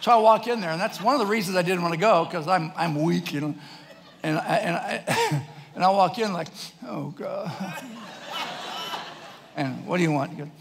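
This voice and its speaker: A man's voice: high voice, brisk, vocal fry. A middle-aged man preaching a sermon as pastor, telling a story and acting out the voices of others, laughing often. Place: large church hall. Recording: echoey church hall, faint noise.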